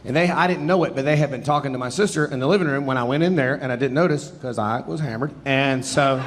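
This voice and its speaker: This time his mid-range voice moves fast, with a bit of hiss or hum in the audio. The thirty-something comic is still doing stand-up storytelling in a theater with a live crowd, rambling, mocking himself, and laughing as he speaks.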